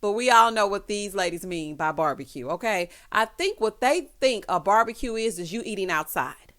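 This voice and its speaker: A woman giving casual, sassy commentary in a reality TV recap, calling everyone honey and child and swooping her voice up for emphasis. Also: moderate pace. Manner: animated swoops in pitch for emphasis.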